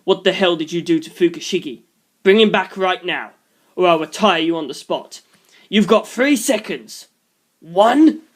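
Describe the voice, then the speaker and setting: Snarling hot-headed young thug, loud and raised, played by a man reading. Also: high voice, very animated, takes it slowly, voice pushed up, exaggerated voice. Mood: angry yelling. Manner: snarling, yelling.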